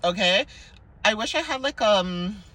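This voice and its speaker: Bright-voiced, sassy young woman card reader. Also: mid-range voice, animated, measured pace. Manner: chatty, playful and sassy, with frequent laughs. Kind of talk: casual spiritual card reading.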